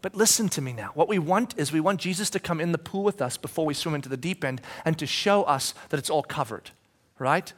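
A male pastor giving a sermon in a church, talking conversationally, asking the congregation questions and moving between quiet moments and shouting. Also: a little high, lively intonation, a little fast.

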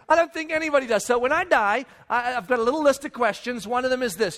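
A man with a strikingly high voice preaches a sermon. He tells the story in a lively, chatty way, asking rhetorical questions and speaking straight to his listeners. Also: fairly quick. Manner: conversational, addresses listeners directly. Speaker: pastor.

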